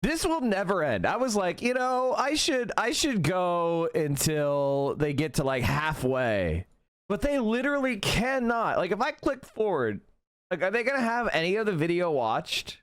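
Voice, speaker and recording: A man's voice: very animated, measured pace, clear, resonant tone, no echo, clean studio sound. Ranting, profane streamer man. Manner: ranting, profane, mocking, swings between shouting and low mutters. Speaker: streamer reacting to a video. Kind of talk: livestream reaction commentary.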